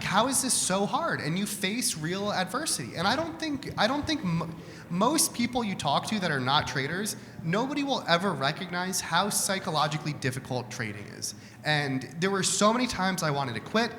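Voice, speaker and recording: A man's voice: sits high, sing-song, moderate pace, sharp tone. A man answering audience questions at a live event, speaking candidly and conversationally, often restarting his words. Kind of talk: live Q&A talk. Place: event hall. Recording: hall reverb with faint room noise.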